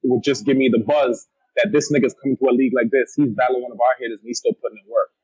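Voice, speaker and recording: Brief: young Toronto battle rapper, quick husky delivery, blunt street slang, dry close sound. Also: male voice, mid-range voice, steady tone, a little mellow, no echo, low-quality recording. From Canada. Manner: streetwise, blunt, frequent slang and "you know what I mean". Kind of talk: casual interview talk.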